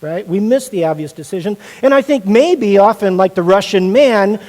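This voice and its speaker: A male pastor preaches in a chatty, joking, storytelling way, often asking the room questions. His speaking voice sits fairly high. Everything carries a long reverb, as in a large hall. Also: animated, moderate pace, a little mellow. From Indiana. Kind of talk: sermon.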